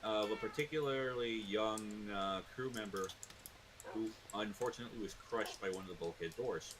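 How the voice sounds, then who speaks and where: A man's voice: fairly low pitch, normal speed, noisy background. A man casually telling a rambling, laid-back story to a co-host. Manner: rambling, laid-back, uses fillers like blah blah blah.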